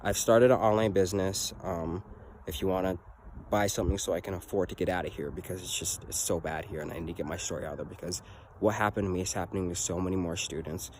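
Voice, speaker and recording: Teen boy, low voice, earnest rambling storyteller, clear vehicle noise behind him. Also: steady tone, fast talker. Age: teens. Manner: earnest, rambling, keeps saying "anyways". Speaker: student telling his own story. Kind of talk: personal story to camera.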